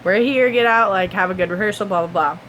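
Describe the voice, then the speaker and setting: A woman voicing her brisk, blunt mother as she retells a story. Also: medium pitch, a bit bright, dull audio, a little hiss or hum, lightly acted. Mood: impatient. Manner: blunt and dismissive. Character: brisk no-nonsense mother, middle-aged.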